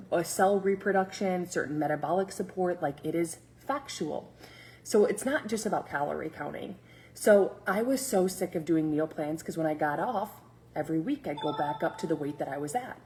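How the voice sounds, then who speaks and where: A woman's voice: low voice, darkish tone, rough recording. A woman in her thirties hosting a live breakfast stream, chatting to viewers and acting out quoted dialogue. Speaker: fitness coach host.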